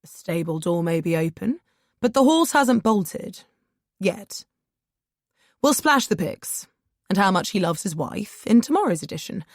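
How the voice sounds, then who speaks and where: A man's voice: sits high, big pitch swings, a little slow, no room sound, clean studio sound, exaggerated voice. Woman voicing a resigned male editor. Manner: resigned, world-weary.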